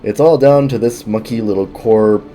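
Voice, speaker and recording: A man's voice: fairly low pitch, normal speed, dark tone, a little hiss or hum, close to an everyday voice. A man reading a chatty villager's game dialogue aloud in a plain voice, with small stumbles.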